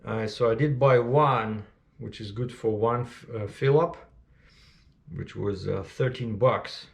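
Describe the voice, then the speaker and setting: A man's voice: medium pitch, a little slow, creaky. Rambling man. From Russia. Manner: rambling, with many fillers and self-corrections. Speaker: trucker vlogger. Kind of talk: casual talking-to-camera vlog.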